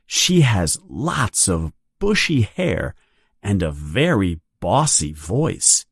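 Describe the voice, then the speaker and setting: Slow, very lively storybook narrator. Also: creaky, husky, no room sound, clean studio sound. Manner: slow, very expressive, raising the pitch for quoted characters. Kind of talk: read-along storybook narration.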